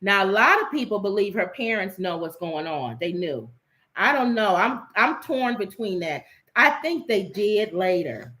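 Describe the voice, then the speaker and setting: A woman's voice: mid-range voice, big pitch swings, a little slow, sharp tone. A middle-aged woman co-hosting a family vlog, chatting casually and giving strong opinions. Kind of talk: casual chat.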